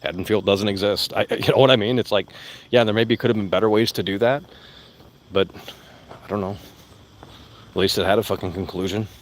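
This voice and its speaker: A man with a deep, low voice rants casually while outdoors, swearing freely and circling back over his points. Faint crickets and insects chirp in the background. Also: fairly even intonation, a little fast, pauses often, slight background noise. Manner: profane, blunt, repeats himself. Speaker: vlogger. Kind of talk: casual rambling rant. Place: outdoors among plants.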